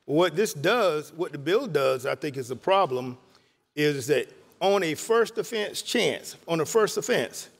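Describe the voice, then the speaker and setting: Guy senator talking on the floor, kinda high voice, lots of ums and restarts, big chamber echo. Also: expressive, creaky. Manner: halting, with many fillers and restarts. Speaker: state senator. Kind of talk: floor speech. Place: legislative chamber. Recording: long hall reverb.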